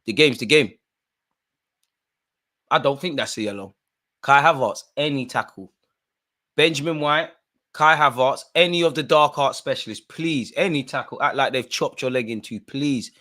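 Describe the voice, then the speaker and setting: A man, voice bright and sharp-edged, commentating live on a football match for a watch-along crowd. He grumbles low at bad calls, then bursts into loud cheering and yelling at the players, all in casual street slang. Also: normal speed, long pauses. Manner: exasperated, heckling the referee, swings between muttering and shouting.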